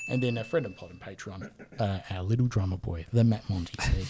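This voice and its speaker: A man's voice: on the low side, a little fast, darkish tone, husky. A man, hosting a casual podcast and reading out listener feedback with laughs and the odd swear. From Australia. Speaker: podcast host.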